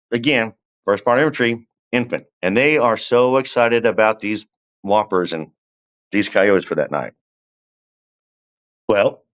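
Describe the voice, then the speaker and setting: A man, a guest telling a long story in a relaxed, conversational way and often turning to the listener with asides. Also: lowish voice, clean tone, dull audio. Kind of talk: casual storytelling.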